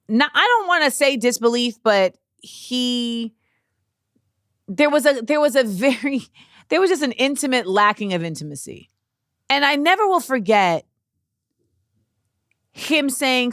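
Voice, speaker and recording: A woman podcast host tells a personal story in an unhurried, measured way. She pauses and restarts often as she searches for words. The sound is dry and close, with no room echo at all. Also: medium pitch, fairly bright tone. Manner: slow, reflective, halting with restarts.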